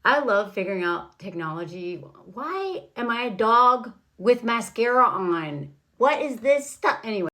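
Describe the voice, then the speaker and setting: A woman's voice: on the high side, sing-song, a little slow, few pauses, bright, forceful tone. A woman giving a casual, sarcastic and mocking recap of a film, chatting straight to her viewers. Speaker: film reviewer.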